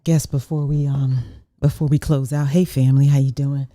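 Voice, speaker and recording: A woman's voice: very deep voice, little pitch movement, normal speed, mellow. A woman co-hosting, talking casually and searching for her words. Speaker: co-host. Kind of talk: casual chat.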